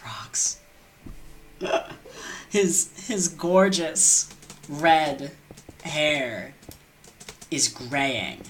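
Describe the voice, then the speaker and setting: A woman's voice: low-pitched, lively intonation, very slow, pauses often, fairly bright tone, slight background noise. A woman casually retelling an old myth, rambling with fillers, asides and slang. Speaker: storyteller.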